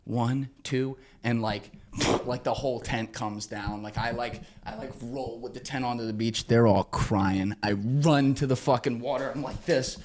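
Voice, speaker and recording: Young guy, podcast guest. Animated storyteller, swears freely, breaks into shouted quotes. Middle-pitched voice. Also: unhurried, hardly any pauses. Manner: profane, acts out quotes with sudden shouts. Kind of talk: animated storytelling in casual conversation.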